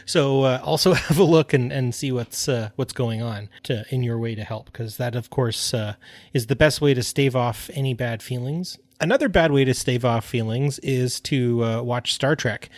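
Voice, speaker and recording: A man's voice: mid-range voice, moderate pace, no room sound. Male podcast co-host, chatty and loose, medium voice, dry recording. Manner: chatty, with frequent fillers and restarts. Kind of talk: casual podcast chat.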